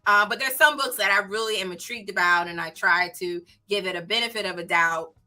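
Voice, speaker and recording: A woman with a Southern country accent chatting casually on her book livestream, animated and exclaiming. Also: medium pitch, brisk, soft background music. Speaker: book channel host.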